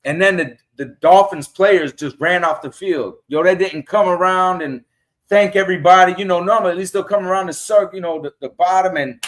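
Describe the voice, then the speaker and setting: A middle-aged man with a slightly high voice tells stories on a casual podcast. He jumps into quoted lines and voices the people he talks about. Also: normal speed. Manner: animated storyteller acting out quotes. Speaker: guest fan.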